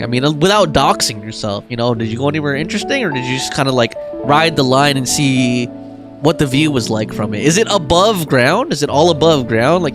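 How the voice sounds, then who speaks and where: A young man chatting casually on a game live stream, reading out chat messages and joking with viewers. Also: mid-range voice. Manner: chatty, reads chat aloud and jokes around.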